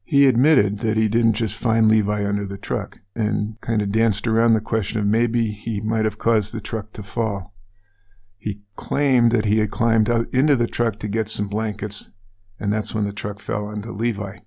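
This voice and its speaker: A man's voice: on the low side, little pitch movement, normal speed, vocal fry, warm tone. A man co-hosting a true-crime podcast, retelling a case casually with wry asides. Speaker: podcast co-host.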